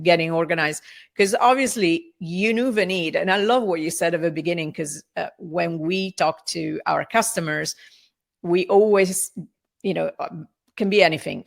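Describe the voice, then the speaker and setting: A middle-aged woman hosting an interview, talking haltingly and with feeling, often searching for her words. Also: on the low side, creaky. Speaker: podcast host. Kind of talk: conversational interview.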